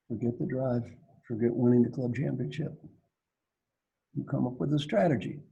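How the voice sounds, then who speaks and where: In this storytelling Q&A, a male executive coach speaks to leaders online and performs the characters with lively flair. His voice sits mid-range at a moderate pace, creaky and slightly rough, and he pauses often. The audio quality is rough.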